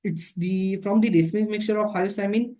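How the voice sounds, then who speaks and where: A woman with an Indian accent teaches an exam-prep lecture, switching between English and Hindi and repeating key points while she draws structures and explains them. Her voice is medium-pitched and dark, with fairly even intonation and a slightly fast pace.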